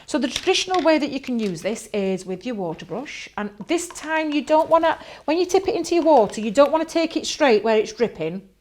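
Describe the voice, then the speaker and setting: A woman talks through a crafting demo in an easy, enthusiastic way, thinking aloud as she goes. Her voice sits a bit high, and she sounds like she's speaking indoors a little away from the mic. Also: big pitch swings, fairly quick, hardly any pauses, darkish tone, a little hiss or hum. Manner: chatty, enthusiastic, thinks aloud while working. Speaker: craft demonstrator. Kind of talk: live crafting demonstration.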